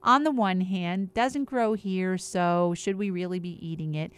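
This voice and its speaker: An upbeat woman with a slightly low voice, explaining things in a relaxed, chatty way. She moves briskly through lists of examples, like a regular guest on a talk show. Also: smooth. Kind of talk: casual explanatory health chat.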